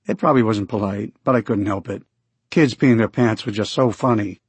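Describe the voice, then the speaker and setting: Husky male audiobook narrator. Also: fairly low pitch, brisk, no echo. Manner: steady first-person storytelling. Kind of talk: scripted narration.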